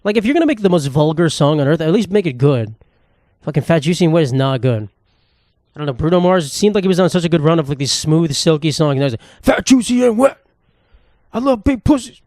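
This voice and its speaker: A young man hosting a casual solo podcast, rambling and joking with lots of profanity and quick asides. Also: on the high side, lively intonation, a little mellow, no echo, clean studio sound. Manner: rambling, profane, jokey, fast-talking. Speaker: podcast host.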